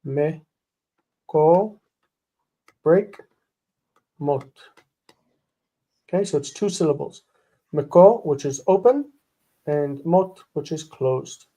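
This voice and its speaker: A man's voice: a little high, lively intonation, mellow. Patient man teaching Hebrew vowel names. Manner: patient, repeats terms and rules slowly. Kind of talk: live online lesson.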